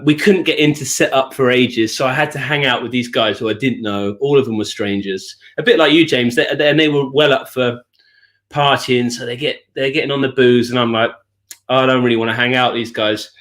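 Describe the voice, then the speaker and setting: A man from England co-hosting a live music chat show, telling an anecdote in an animated way and often laughing. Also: mid-range voice. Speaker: show co-host. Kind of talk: casual storytelling chat.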